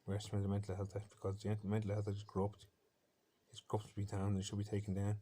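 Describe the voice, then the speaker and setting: A man's voice: lowish voice, monotone, fast, warm tone. A man with an Irish accent delivering an intense, defiant, rambling personal monologue, with faint bird sounds from a laptop behind him.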